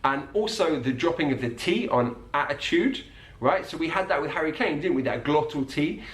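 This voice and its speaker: A man teaching about accents, explaining clearly and repeating words to show how they sound. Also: a little high, lively intonation, normal speed, a bit bright. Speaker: accent coach. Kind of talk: explanatory video lesson. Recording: roomy echo.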